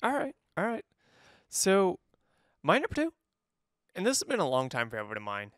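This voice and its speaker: A man's voice: sits high, wildly swooping pitch, normal speed, a bit bright, dry recording, studio quality. A man co-hosting a movie review podcast, bantering playfully in a casual chat. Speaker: podcast co-host.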